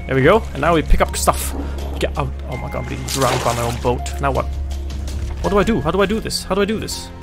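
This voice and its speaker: Excitable man yelling at his game. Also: mid-range voice, vocal fry. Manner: excitable, jokey, yells at the game. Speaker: gaming video host. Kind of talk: let's play commentary.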